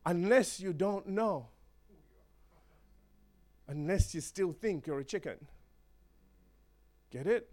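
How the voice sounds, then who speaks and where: Man, preaching, very high voice, jokey asides. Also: slow, long pauses. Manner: animated, joking asides with chuckles. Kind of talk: sermon.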